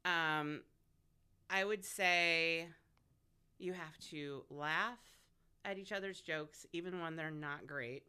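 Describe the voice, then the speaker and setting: A woman's voice: low voice, takes it slowly, long pauses, smooth. A woman in her forties, a radio host as a guest, chatting casually and telling frank, profane stories with frequent laughs. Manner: lively storyteller, frank and profane, laughs often. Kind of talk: casual chat.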